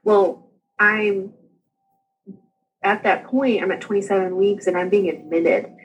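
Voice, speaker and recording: A woman, a podcast guest candidly retelling her own experience with lively asides. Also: mid-range voice, a little slow, highs cut off, slight background noise. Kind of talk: casual storytelling interview.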